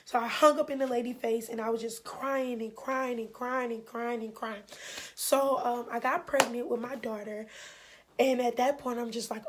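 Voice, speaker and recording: A woman, telling a personal story in a candid, animated way and voicing the people she quotes. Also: a little high, normal speed. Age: 20s. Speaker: vlogger. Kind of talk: emotional storytime.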